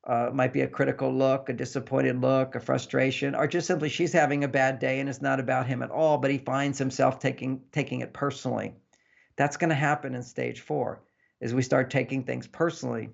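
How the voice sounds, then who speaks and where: A man, a relationship author, explaining in an interview in an animated way and acting out couples' dialogue. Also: medium pitch, creaky. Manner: animated, acts out couples' dialogue in varied voices. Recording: dull lo-fi sound.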